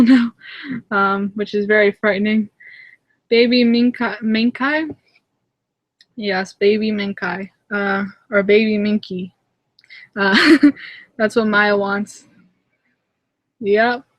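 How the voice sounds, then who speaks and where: A woman's voice: mid-range voice, no room sound, dull audio. A young woman hosting a casual live hangout from home, giggling often and chatting with lots of fillers and restarts as she answers viewers. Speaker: channel host answering viewer comments. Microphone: webcam in a live video hangout.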